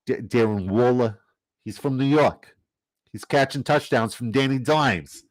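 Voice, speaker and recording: A man's voice: mid-range voice, a little slow. A man from Canada, giving loose, jokey commentary and swearing casually while running down a fantasy football draft.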